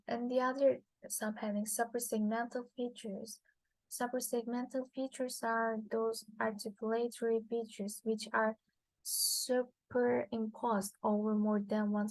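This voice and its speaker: Woman lecturer reading slides, first language Turkish, flat, gravelly, halting delivery. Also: fairly high pitch, dry recording, rough recording. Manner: halting, with frequent uh fillers and restarts. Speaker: linguistics lecturer.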